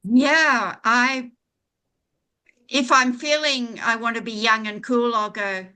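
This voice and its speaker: A woman's voice: on the high side, steady tone, slow pace, sharp tone, smooth. A woman speaking on a group video call, light and playful.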